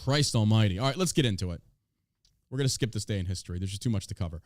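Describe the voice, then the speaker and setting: A man's voice: fairly low pitch, animated, very fast, a little mellow, no room sound, studio quality. A man hosting a podcast, ranting in heated, profane and emphatic bursts. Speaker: podcast host. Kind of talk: ranting political podcast talk.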